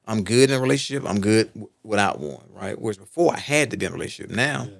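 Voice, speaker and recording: A man's voice: lowish voice, animated, fast, vocal fry. A middle-aged man, a podcast guest telling personal stories earnestly, repeating points for emphasis and checking in with "right?". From Texas. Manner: earnest storyteller, emphatic repetition, asks "right?". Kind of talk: casual podcast conversation.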